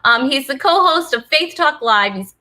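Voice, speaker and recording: A woman's voice: high voice, expressive, normal speed, sharp tone. A woman hosting a casual live online talk show, chatty and bubbly, laughing often as she greets viewers. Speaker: host. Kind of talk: casual live-stream chat.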